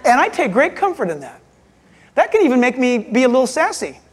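High-pitched pastor guy preaching, lively, acts out little voices, echoey church. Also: brisk, slight background noise. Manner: animated, acts out voices and jokes. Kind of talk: sermon. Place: church hall. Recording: reverberant hall.

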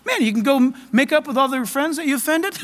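Fervent high-voiced male preacher. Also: fast, big-room sound. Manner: fervent, loud and excited. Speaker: pastor. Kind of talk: sermon.

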